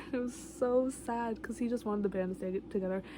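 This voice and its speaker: A woman's voice: a little high, normal speed, background noise. A young woman vlogger chatting casually about a book and its TV adaptation, gushing and rambling with lots of filler words. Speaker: vlogger reviewing a book and its TV show. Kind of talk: casual chat.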